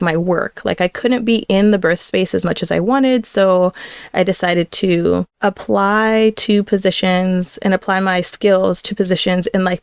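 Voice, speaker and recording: Chatty woman podcaster, gravelly and smooth. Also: lowish voice, no echo, studio quality. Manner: chatty, animated retelling with quoted voices and laughs. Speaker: podcast host. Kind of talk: personal storytelling monologue.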